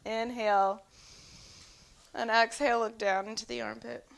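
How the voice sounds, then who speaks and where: A woman yoga instructor calmly cueing breaths and poses in a guided flow at home. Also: a little high, moderate pace, gravelly. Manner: calm, encouraging breath cueing. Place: home, dogs nearby.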